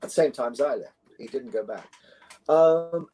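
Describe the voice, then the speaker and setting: An older English man with a London accent, a guest recalling stories in a relaxed, rambling way with many self-corrections. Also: medium pitch, moderate pace, low-quality recording. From London, England. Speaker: guest, actor and musician. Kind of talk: relaxed conversational interview.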